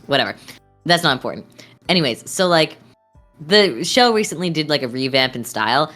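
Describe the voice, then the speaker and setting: A woman's voice: rumbling low, fairly bright tone. A young woman streamer chatting casually while drawing, rambling and giggly with lots of fillers.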